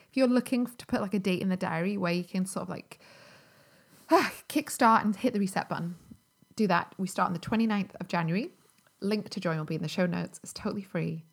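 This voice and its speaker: A woman, hosting a solo podcast as a health coach, talking in a chatty, upbeat way with many fillers. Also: mid-range voice. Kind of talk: casual solo podcast talk.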